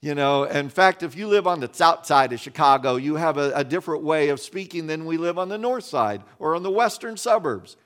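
A pastor with a high voice preaches in an easygoing, conversational way. He grew up in West Virginia and talks with folksy asides and plenty of restarts. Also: lively intonation, fairly quick, hardly any pauses, a bit bright. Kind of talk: sermon.

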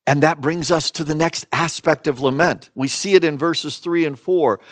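A man preaching a sermon in an earnest, emphatic way, slowing into dramatic pauses on key phrases. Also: fairly high pitch, no room sound. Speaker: pastor.

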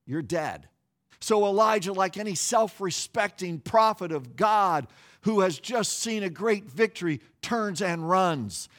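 A man with a high-pitched voice preaches a sermon. He tells the story with animated energy, acts out the quoted voices, and often stumbles and repeats words as he goes. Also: a little slow. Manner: frequent restarts and repeated words. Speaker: pastor.

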